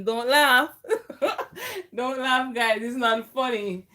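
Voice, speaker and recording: A woman's voice: sits high, lively intonation, slow pace, fairly bright tone. A woman math teacher, chatting with her viewers as she works through an online lesson. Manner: chatty, addresses viewers as guys.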